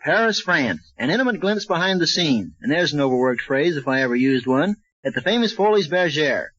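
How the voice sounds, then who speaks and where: A man hosts a 1940s radio comedy show, rattling off a spoof newsreel with brash, wisecracking patter. His voice sits a little high. The sound is dull and muffled, like an old radio transcription. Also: big pitch swings, fairly quick, fairly bright tone, soft background music.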